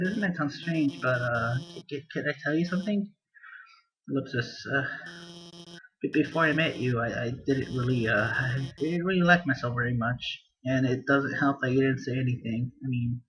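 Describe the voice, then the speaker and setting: A man's voice: medium pitch, fairly bright tone, natural voice, rough recording. A man voicing a shy female lizard scientist from a video game, stammering and hesitant, with many fillers.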